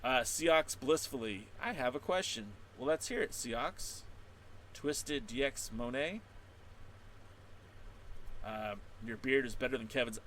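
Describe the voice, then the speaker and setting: A man, a wrestling podcaster and blogger, hosts a playful livestream chat and reads out viewer comments, joking and breaking into sudden loud, excited bursts. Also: mid-range voice, takes it slowly, long pauses, a little hiss or hum.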